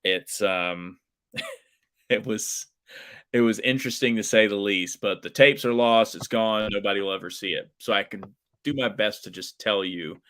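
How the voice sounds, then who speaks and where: A professional wrestler, appearing as a guest in a casual interview, tells a wild story in an animated, chatty way packed with fillers. His voice is on the low side and his pace moderate.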